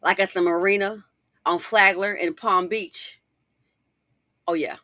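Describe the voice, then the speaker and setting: Chatty, animated woman with a bright voice. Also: medium pitch, a little slow, no echo, studio quality. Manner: chatty and animated, with repeated asides and emphatic rhetorical questions. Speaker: commentary channel host. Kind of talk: casual commentary monologue.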